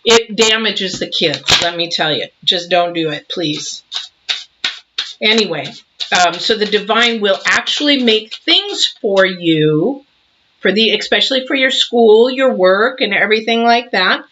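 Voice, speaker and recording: A woman's voice: mid-range voice, a little slow, bright, forceful tone, highs cut off, a little hiss or hum. Emphatic sixty-year-old woman tarot reader. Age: 60s. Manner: emphatic, preachy, acts out little scenes. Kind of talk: casual tarot reading monologue.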